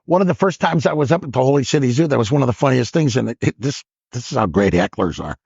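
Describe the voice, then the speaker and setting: A man in his sixties, a comedian, telling lively stories on a podcast and acting out the lines of other people. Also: medium pitch, quick pace, creaky, husky, no room sound. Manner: animated storyteller who acts out other people's lines. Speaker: guest comedian. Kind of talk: storytelling interview. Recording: dull lo-fi podcast audio.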